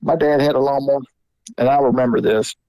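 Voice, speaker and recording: A man hosting a podcast, telling a story in a loose, rambling, animated way. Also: mid-range voice, fairly quick, dry recording, low-quality recording. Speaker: podcast host. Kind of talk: casual storytelling.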